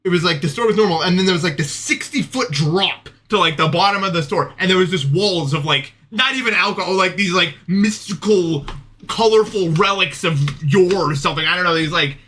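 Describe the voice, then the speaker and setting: A man's voice: high-pitched, brisk, bright, forceful tone. A young man streaming, telling a long dream in casual chat, rambling with many fillers and restarts. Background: background music.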